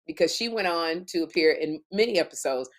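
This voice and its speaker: A woman's voice: deep voice, expressive, brisk. A woman co-hosting a comedy talk show, telling a funny story and acting out scenes in exaggerated voices. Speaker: podcast co-host.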